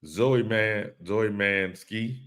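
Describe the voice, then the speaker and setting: A man with a very low voice talks slowly and easily through a live-stream podcast. He reads viewers' comments aloud, chuckles along with them and keeps a relaxed, friendly chatter going. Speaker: podcast host reading live chat. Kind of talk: casual live-stream chat.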